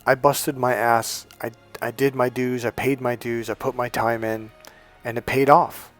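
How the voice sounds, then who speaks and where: A man's voice: medium pitch, flat delivery, unhurried, faint music behind. A man in his fifties, a dating coach giving a blunt, profane, emphatic motivational monologue. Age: 50s.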